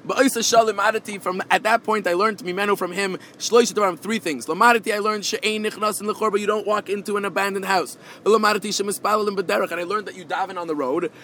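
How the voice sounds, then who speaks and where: Guy a high voice teaching gemara, halting, lots of "a, a, a", little background hiss. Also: sharp tone. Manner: halting, with many repeated filler words. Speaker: Torah teacher. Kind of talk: Talmud lesson, translating Hebrew and Aramaic phrase by phrase.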